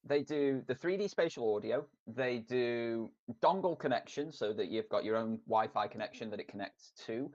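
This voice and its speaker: A man co-hosting a gaming podcast with a lively, bouncing voice that rises and falls a lot. He jokes freely and walks through details, heard over a dull, lo-fi remote mic. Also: medium pitch, normal speed, hardly any pauses. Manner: lively, joking, explains things in detail. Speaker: podcast co-host. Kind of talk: casual gaming podcast chat.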